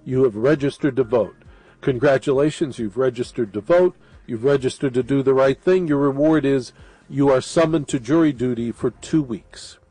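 Dark-voiced radio host with a cold. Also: male voice, medium pitch, moderate pace, slightly rough, no echo, faint music behind. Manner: rambling, conversational, with restarts and asides. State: sniffling with a cold. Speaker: late-night radio host. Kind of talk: casual monologue to listeners.

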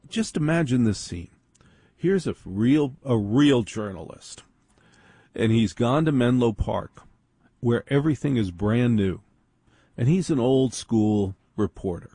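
A man's voice: mid-range voice, creaky, mellow, husky, dry recording. A man telling a story in a wry, dry, digressive monologue.

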